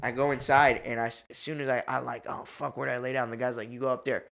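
Bright-voiced man telling a wild story. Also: mid-range voice, fast, vocal fry. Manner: animated, profane, slangy storytelling. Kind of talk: casual storytelling chat.

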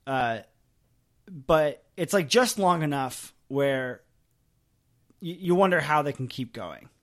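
A slightly high-pitched man co-hosting a chatty podcast. He rambles through his thoughts with lots of fillers and restarts, animated one moment and trailing off softly the next. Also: takes it slowly. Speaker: podcast co-host. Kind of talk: casual chat.

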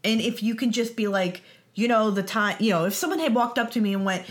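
A woman co-hosting a casual chat about running tabletop games, chatty, with quick affirmations and little acted-out exchanges. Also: medium pitch. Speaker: podcast co-host.

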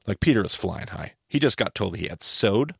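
Gravelly low-voiced man teaching. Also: moderate pace, dry recording, clean studio sound. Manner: animated, thinks aloud, asks his co-host questions. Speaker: podcast host and Bible teacher. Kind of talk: casual teaching conversation.

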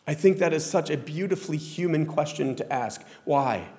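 A male pastor with a Southern American accent preaches in a church sanctuary in a slightly high yet dark-toned, animated voice at a moderate pace with few pauses. His sermon is conversational and self-deprecating with frequent restarts, and long hall reverb fills the recording.

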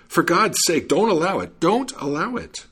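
A man's voice: a little high, sing-song, moderate pace, slightly rough, voice pushed up, heavily acted. A man doing a shrieking, panicky old miser. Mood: frantic. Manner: frantic pleading shouts.

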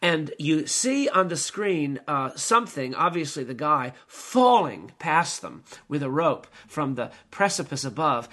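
A man's voice: a little high, sing-song, a little slow, hardly any pauses, sharp tone. A man in his sixties telling a personal story from childhood in a vivid, reminiscing way. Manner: reminiscent, vivid, acts out scenes.

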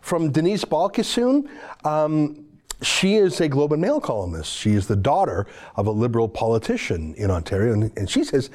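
A man's voice: mid-range voice, sing-song, normal speed, a little mellow. A man delivering a political commentary monologue in a sarcastic, mocking way.

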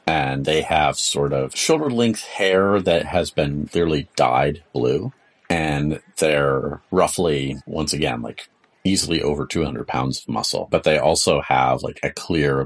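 A man narrating as game master of a tabletop game podcast, describing scenes in a relaxed, wry way. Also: extremely low pitch, measured pace.

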